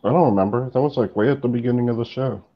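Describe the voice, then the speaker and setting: A man's voice: medium pitch, rapid-fire, crowd noise. A man in a casual podcast chat, matter-of-fact, setting the facts straight, heard over dull remote audio.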